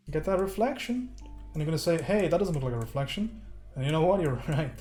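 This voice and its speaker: Painting live for his audience, a man from the United States gives a relaxed tutorial, cracking jokes and talking to chat while soft music plays. His voice is on the high side, expressive, darkish in tone, and fast.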